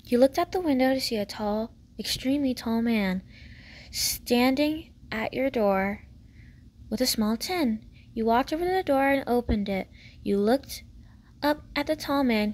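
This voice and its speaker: A woman narrating a fanfic story with a gentle, even reading style. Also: on the high side. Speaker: fanfic reader.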